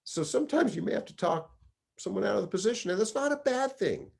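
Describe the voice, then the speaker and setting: A middle-aged man, a deputy fire chief, gives casual career advice as a conversational storyteller who acts out quoted lines. His voice is high, animated and slightly rough, with vocal fry, and he talks fast.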